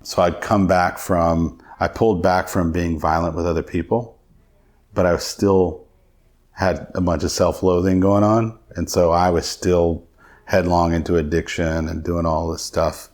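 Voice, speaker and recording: A man's voice: low voice, level tone, measured pace, darkish tone. A middle-aged man, a podcast guest, telling his personal testimony in an earnest, reflective way.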